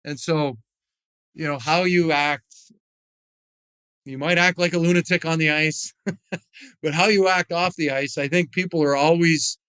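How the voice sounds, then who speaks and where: A middle-aged man chats as a podcast guest with a smooth, clean voice that sits a little high. He rambles, restarts, and leans on fillers as he tells stories. The recording is dry and close. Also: fairly even intonation, a little slow, long pauses, sharp tone, no room sound. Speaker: podcast guest, retired hockey player and whisky founder. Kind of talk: casual interview storytelling.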